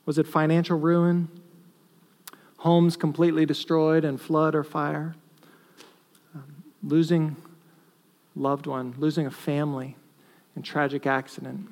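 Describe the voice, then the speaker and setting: A male pastor preaching a sermon earnestly, with emphatic stresses that drop to quiet asides. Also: a little high, little pitch movement, unhurried, long pauses.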